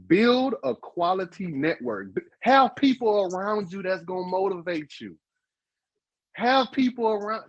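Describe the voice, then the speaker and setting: A man's voice: sits high, slightly rough, no echo, lo-fi sound. A man co-hosting a relationship advice podcast, talking casually and animatedly, with emphatic repeats. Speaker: podcast co-host.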